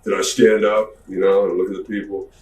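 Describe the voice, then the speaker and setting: A man casually telling an anecdote as a podcast guest, slangy and animated, recorded from a distance in an echoey room. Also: deep voice, a little fast, slight background noise. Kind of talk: storytelling anecdote.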